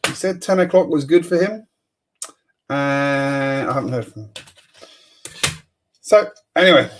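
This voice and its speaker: A man's voice: mid-range voice, a little hiss or hum. Chatty man live-streaming. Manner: chatty, greets chat viewers, mutters while sorting bricks. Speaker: host of a building live stream. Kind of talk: casual live-stream chat.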